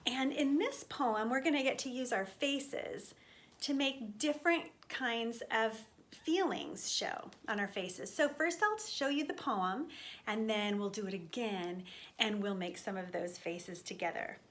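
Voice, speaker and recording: A woman leading a storytime for young children, speaking gently and with exaggerated expression. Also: on the high side, a little slow.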